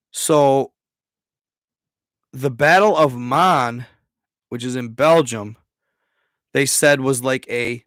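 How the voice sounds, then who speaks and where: A man's voice: mid-range voice, a bit bright, dry recording, clean studio sound. A man hosting a casual livestream, rambling through a history story in slangy speech and stumbling over words. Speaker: livestream host.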